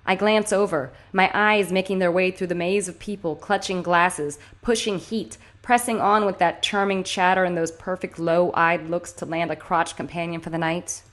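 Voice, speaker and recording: A woman's voice: on the low side, fairly even intonation, moderate pace, few pauses, a bit bright. A woman author narrating her own audiobook in first person, tense and intimate, with anxious bursts. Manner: tense, intimate storytelling with sudden anxious outbursts.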